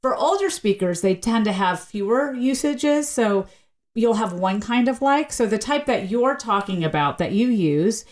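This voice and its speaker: A woman speaking as a linguist guest in a casual podcast interview, explaining with lively pitch changes and shifting pace. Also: a little slow. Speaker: university teacher.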